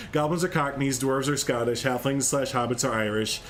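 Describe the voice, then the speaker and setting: A man from the American Midwest with a Chicago accent, chatting quickly and laughing often while streaming a game. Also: medium pitch, fairly bright tone, soft background music. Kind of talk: casual game stream chat.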